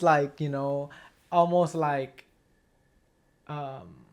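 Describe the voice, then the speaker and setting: A man, an acting student, sharing a personal memory in class, halting and hesitant with many restarts. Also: a little high.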